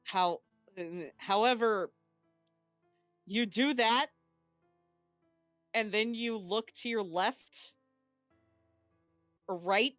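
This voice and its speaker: A woman runs a tabletop game, narrating with a halting manner and frequent restarts. Her voice sits at a middle pitch. The recording is close and dry, with faint music behind her. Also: fairly bright tone, no echo. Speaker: game master.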